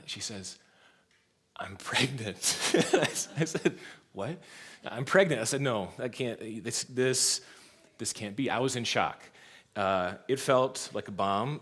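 A man in his thirties, a pastor preaching a sermon in a church, telling stories and laughing along. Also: mid-range voice. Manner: storytelling, laughs often, lively shifts in loudness.

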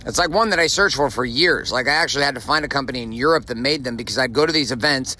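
A man's voice: mid-range voice, quick pace, sharp tone, slight background noise. A man hosting a motivational podcast from his car while driving, talking bluntly and emphatically, swearing freely and repeating phrases for punch. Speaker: podcast host. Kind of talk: profane motivational monologue. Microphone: recorded while driving.

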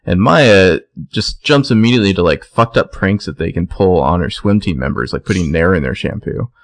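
A man's voice: sits low, normal speed, dry recording. A man co-hosting a podcast, casually retelling scenes and acting out lines from the characters. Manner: relaxed storytelling, acts out quotes. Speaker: podcast co-host. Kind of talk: casual recap chat.

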